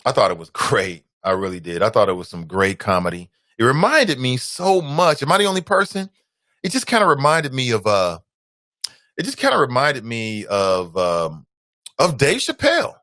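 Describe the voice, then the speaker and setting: Male talk show host, casual ranting monologue, bright forceful tone, dry close sound. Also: very animated, moderate pace, no room sound. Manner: emphatic, ranting, jumps into loud high outbursts; conversational asides and fillers.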